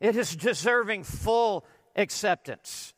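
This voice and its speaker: High-voiced, unhurried man preaching a sermon. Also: expressive, fairly bright tone, in a large hall. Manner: emphatic, rhetorical questions, deliberate phrasing. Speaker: pastor. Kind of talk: expository sermon.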